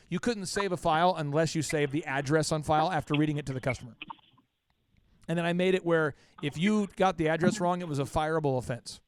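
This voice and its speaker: Male podcast host, high smooth voice, animated storyteller who acts out every quote. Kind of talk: casual storytelling chat.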